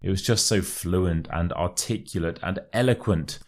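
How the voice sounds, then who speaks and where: A young British man speaks in modern RP with a notably low, deep voice. He explains English expressions in an online lesson and slowly repeats phrases to model their pronunciation. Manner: clear, carefully modelled pronunciation, friendly explaining. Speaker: English teacher.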